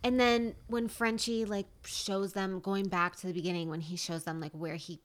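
A woman co-hosting a casual podcast chat, retelling a horror movie with animated, playful storytelling. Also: medium pitch, moderate pace. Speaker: podcast co-host.

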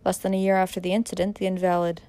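A woman narrating a dramatic audiobook in a measured way, pressing harder in tense moments. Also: lowish voice, flat delivery, dark tone, no room sound.

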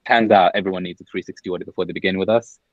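Fast-talking deep-voiced man. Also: fairly even intonation, no room sound, lo-fi sound. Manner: quick, chatty storytelling with frequent "like" fillers. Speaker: guest, agency owner. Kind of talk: casual podcast conversation. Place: office, remote call.

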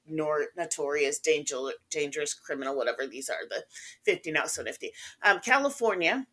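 A woman's voice: lowish voice, a bit bright. A woman co-hosting a podcast in casual chat, laughing often and reacting wryly. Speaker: podcast co-host.

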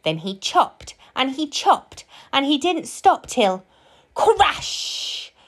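Slow, sing-song woman reading a children's story. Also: high voice, sing-song, fairly bright tone. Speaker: storybook reader. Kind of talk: children's story read-aloud.

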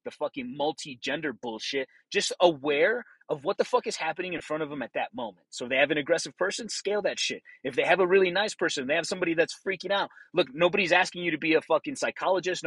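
Middle-aged ex-cop type, husky, slightly high voice, blunt and profane, dry close sound. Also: male voice, fast talker, hardly any pauses, fairly bright tone, no room sound, rough recording. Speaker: former police officer. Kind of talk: casual monologue.

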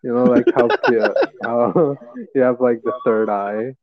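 A man's voice: mid-range voice, steady tone, a little slow, muffled recording. A man co-hosting a casual podcast, teasing and laughing through the banter. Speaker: podcast co-host. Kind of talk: casual chat.

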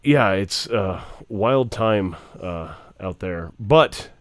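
A man's voice: on the low side, expressive, drawn-out words, dry recording, studio quality. A man from rural America hosting a podcast in casual chat, wry and self-deprecating with joking asides. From rural United States. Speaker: podcast host.

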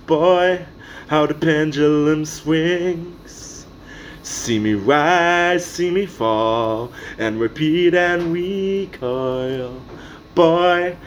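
A man performing rhythmic, measured spoken word poetry. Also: fairly high pitch, lo-fi sound, slight background noise.

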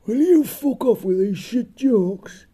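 A man's voice: very high voice, animated, slow pace, mellow, breathy edge. Blunt, dry-humoured male sidekick. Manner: blunt, dry, swears freely. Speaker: co-host and sidekick. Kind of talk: profane comedic banter.

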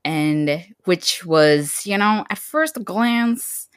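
A woman's voice: lowish voice, a little slow, few pauses, no room sound, studio quality. Chatty, laughing woman podcaster. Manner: laughing, chatty, lots of fillers. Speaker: podcast co-host. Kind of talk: casual podcast chat.

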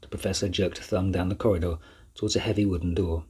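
A man narrating a children's novel in an even, measured storytelling voice. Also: low voice, slightly rough. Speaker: audiobook narrator. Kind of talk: scripted narration.

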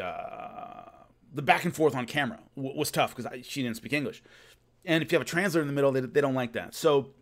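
Chatty man telling a rambling story. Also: medium pitch. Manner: rambling, many restarts, laughs at his own story. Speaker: host recalling filming a fight show. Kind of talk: casual storytelling monologue.

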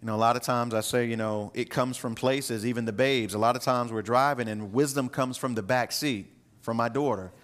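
A man's voice: medium pitch, fairly even intonation, a little fast, hardly any pauses, fairly bright tone. Conversational male pastor preaching. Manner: conversational preaching with asides to the congregation; repeats words when searching for the next phrase. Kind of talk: sermon.

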